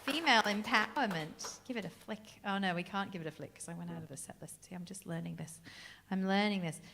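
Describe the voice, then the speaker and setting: A woman's voice: mid-range voice, fast talker, gravelly, a bit bright, a little hiss or hum. A woman from England, a jazz singer chatting and joking with the audience between songs on a club stage.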